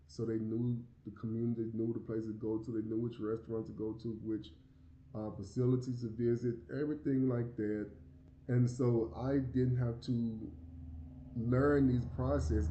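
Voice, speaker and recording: A Southern American man with a lisp, talking to camera in a loose, rambling way and tripping over repeated words. His voice is very dark and mellow. It sounds roomy and a little muffled, like a home setup with echo. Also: medium pitch, a little hiss or hum. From United States. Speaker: vlogger living abroad. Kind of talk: casual talk to camera.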